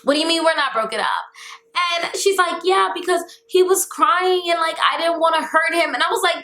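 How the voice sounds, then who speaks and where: Animated young woman vlogger, echoey room. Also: extremely high pitch, brisk. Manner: animated, exasperated storytelling with slang. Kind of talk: storytime vlog.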